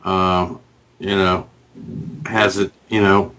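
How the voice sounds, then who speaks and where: A man's voice: low-pitched, level tone, takes it slowly, a bit bright. A man hosting a casual call-in show, cutting in with hesitant questions full of fillers. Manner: interrupting, filler-heavy questions. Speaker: host.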